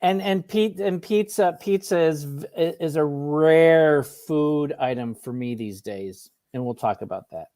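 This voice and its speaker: A man answering quick questions as a guest in a live online interview, friendly and hesitant, over a video call. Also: fairly high pitch, warm tone. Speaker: guest, wellness coach.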